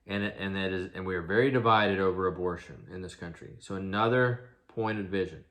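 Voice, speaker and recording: Man, fatherly age, slightly low voice, earnest commentator who restarts phrases. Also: a little fast, a bit bright. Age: adult, father of an eighteen-year-old. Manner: earnest, rhetorical questions, frequent restarts. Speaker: video commentator. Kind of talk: prophecy commentary monologue.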